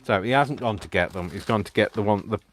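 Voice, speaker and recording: On his live crafting channel, a man from the United Kingdom chats away as he works, self-mocking and quick to laugh. He has a lowish voice and talks fast, with a little hiss or hum in the audio.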